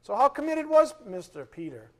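A man teaching a Bible lesson in a relaxed, conversational way, often checking in with his listeners with "right?". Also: very high-pitched, normal speed.

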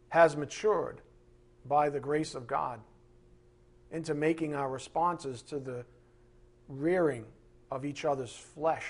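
Husky emphatic preacher man. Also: mid-range voice. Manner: emphatic, rhetorical questions, swings from loud to hushed. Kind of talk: sermon.

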